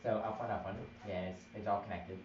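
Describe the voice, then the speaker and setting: A man's voice: lowish voice, level tone, a little fast, music in the background. Man teaching chant theory, distant and roomy. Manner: patient explaining, demonstrating beats by counting. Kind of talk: live-streamed music theory class. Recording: roomy, distant, dull live stream with noise.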